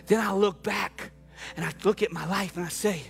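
A man preaching a sermon as pastor, swinging from hushed, slow reflection to urgent, pleading appeals. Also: high-pitched, creaky.

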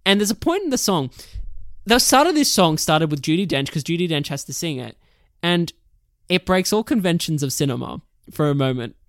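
A man, telling a film story in casual chat, animated and swearing, with lots of fillers. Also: a little high, a little fast, no echo, studio quality. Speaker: film reviewer.

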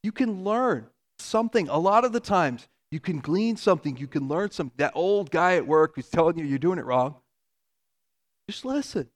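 A man's voice: fairly high pitch, lively intonation, moderate pace. A man preaching a sermon as a pastor, earnest and conversational, with casual asides.

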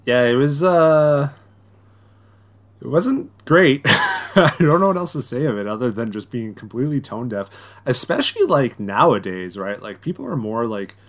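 Speaking at a moderate pace in a medium-pitched voice, a young male podcast co-host chats casually. He rambles on, leans heavily on fillers, and often starts over.

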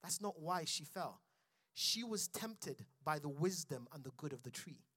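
A man's voice: fairly high pitch, animated, a little slow, bright, forceful tone, dry recording. Impassioned male preacher, dry close sound. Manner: preaching with rising intensity, calls to the congregation. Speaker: pastor. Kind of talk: sermon. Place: church.

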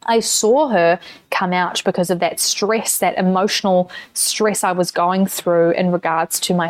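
A woman's voice: mid-range voice, no echo. A woman with a New Zealand accent hosting a solo podcast, telling a personal story candidly in casual talk and swearing freely. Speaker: podcast host.

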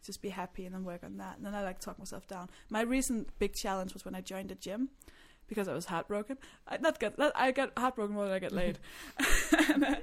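A woman's voice: mid-range voice, quick pace. A young adult woman from Denmark, a stand-up comedian chatting candidly and self-deprecatingly as a podcast guest. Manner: candid, self-deprecating storyteller who laughs often. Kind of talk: casual podcast chat.

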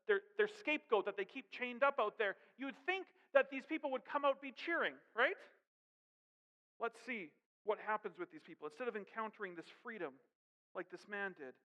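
A man preaching a sermon in an animated way, with joking asides and questions to the congregation. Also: high-pitched, clear, resonant tone, long reverb tail, lo-fi sound. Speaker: pastor.

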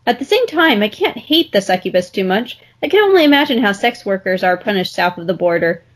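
A woman's voice: medium pitch, a little fast. Woman co-host reading a story. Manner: laughing, animated reactions. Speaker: podcast co-host.

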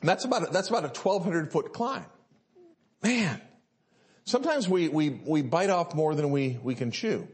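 Rambling storytelling pastor, fairly high voice. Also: male voice, expressive, moderate pace. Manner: rambling storytelling with many fillers and restarts. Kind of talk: sermon.

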